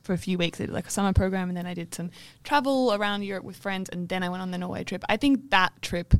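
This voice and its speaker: A young woman co-hosting a podcast in relaxed chat, backing up her co-host with short replies and recalling her own trips. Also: mid-range voice, fast talker, clean tone, dry recording. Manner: relaxed, supportive listener, chimes in with short replies. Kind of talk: casual chat.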